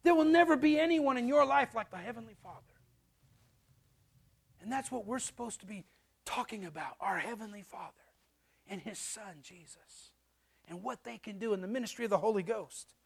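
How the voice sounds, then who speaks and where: A middle-aged man preaching a sermon as a pastor, animated and storytelling, acting out little voices. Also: high voice, moderate pace, creaky, long pauses.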